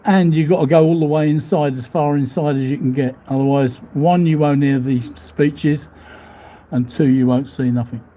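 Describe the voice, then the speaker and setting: A man's voice: on the high side, steady tone, moderate pace, dark tone, slight background noise. Chatty man live-streaming. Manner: rambling, chatty, laughs often, swears mildly. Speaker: vlogger reading live chat. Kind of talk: casual live-stream chat. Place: hotel room overlooking the seafront.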